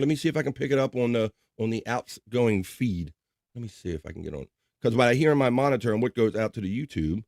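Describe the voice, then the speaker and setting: A man's voice: medium pitch, expressive, quick pace, creaky, darkish tone, dry recording, clean studio sound. A man hosting a casual live stream, reading viewer comments aloud and bantering with his chat. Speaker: livestream host reading chat. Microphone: studio microphone.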